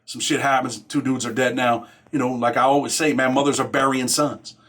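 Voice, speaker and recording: A man's voice: medium pitch, steady tone, brisk, a bit bright. A man hosting his own show, telling a story in a casual, streetwise, profane way and dropping "man" into nearly every phrase. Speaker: host.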